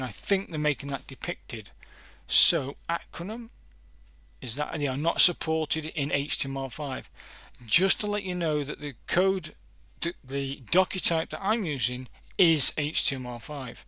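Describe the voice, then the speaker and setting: A man's voice: on the high side, sharp tone, dry recording. A man hosting a casual coding tutorial, thinking aloud and correcting himself as he clicks through examples. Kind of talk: casual screen-recorded tutorial.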